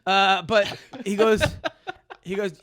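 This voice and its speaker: A man, a guest comedian, telling a story in an excitable, animated way with lots of swearing and acted-out quotes, recorded in a podcast studio. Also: high voice, takes it slowly.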